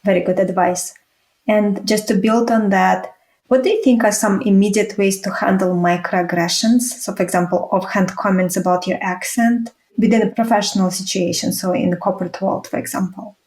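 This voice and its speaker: A woman's voice: medium pitch, fairly even intonation, normal speed, darkish tone. A woman hosting an interview, asking polite, concise questions. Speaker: podcast host, interviewer. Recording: roomy echo.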